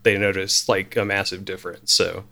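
A man's voice: low-pitched, little pitch movement, normal speed, gravelly, pushed and bright. A man hosting a casual podcast chat, easygoing as he passes the turn to each guest. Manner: easygoing, hands off turns. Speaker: podcast host.

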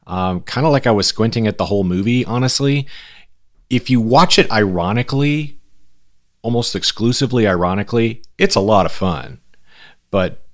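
A man's voice: on the low side, animated, moderate pace. A man chatting casually on a podcast about old movies in a rambling, wry, self-deprecating way. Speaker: podcast co-host. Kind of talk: casual chat.

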